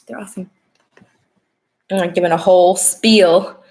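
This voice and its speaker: A woman's voice: lowish voice, fairly even intonation, normal speed, a little mellow. Chatty young woman live-streaming tarot. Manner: chatty, greets viewers by name, laughs often. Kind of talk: casual live-stream chat.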